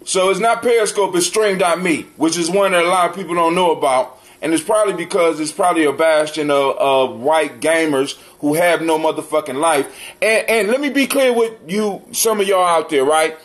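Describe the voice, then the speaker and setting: High-voiced man ranting, profane and mocking. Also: moderate pace, hardly any pauses. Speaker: livestream host. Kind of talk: heated livestream rant.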